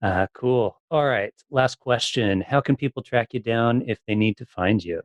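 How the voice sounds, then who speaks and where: A man's voice: medium pitch, normal speed, no echo, muffled recording. A man hosting an interview, giving brief affirmations and asking short direct questions. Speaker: podcast host.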